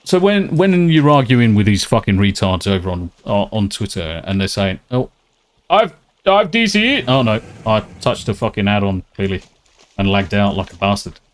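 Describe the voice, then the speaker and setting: A British man with a fairly low, expressive voice streams a game at normal speed. He rants and swears freely in casual live-stream chat.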